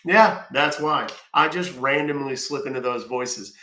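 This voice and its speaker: A man's voice: medium pitch, a little slow, pushed and bright, roomy sound, a little hiss or hum. A man hosting a casual live stream from home, rambling, thanking viewers by name and swearing offhand. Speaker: live-stream scambaiter host.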